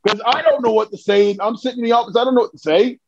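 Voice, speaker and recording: A man telling stories as a podcast guest in a casual, animated, excitable way. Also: extremely high pitch, rapid-fire, muffled recording, noisy background. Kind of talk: casual storytelling.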